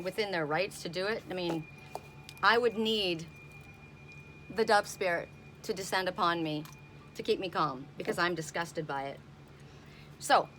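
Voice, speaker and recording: A woman's voice: mid-range voice, fairly bright tone, slight background noise. A middle-aged woman doing an oracle card reading outdoors, blunt and indignant in her asides. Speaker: tarot and oracle card reader.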